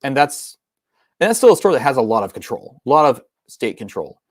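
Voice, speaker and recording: A man's voice: medium pitch, very animated, a little fast, no room sound, clean studio sound. A young man hosting a whiskey livestream, talking casually in a rambling way with many ums and restarts. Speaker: whiskey channel host.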